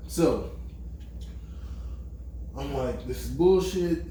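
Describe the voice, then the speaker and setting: Slow, with long pauses and a voice on the high side, a young podcast co-host relates a lengthy personal story in profane, casual talk among friends. He's animated, voicing others through abundant quoted dialogue. Slight background noise accompanies the echoey room and far-off mic.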